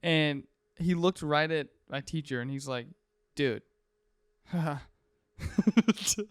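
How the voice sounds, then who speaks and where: Speaking slowly in a fairly high, clean voice, a young man in his twenties hosts a podcast and tells a lively story, acting out people and sound effects along the way. The recording is dry and studio-clean.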